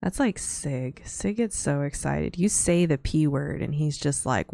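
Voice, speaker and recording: Low, gravelly-voiced woman chatting casually. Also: animated, a little slow, mellow, no echo, clean studio sound. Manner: rambling, many fillers and laughs. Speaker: streamer chatting with live chat. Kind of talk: casual chat.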